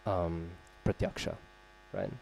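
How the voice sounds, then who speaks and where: Low, mellow-voiced man giving a temple class. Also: lively intonation, takes it slowly, creaky. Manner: conversational, frequent "right?" check-ins and fillers; openly searches for names and terms. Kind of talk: scripture class lecture with storytelling. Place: temple hall.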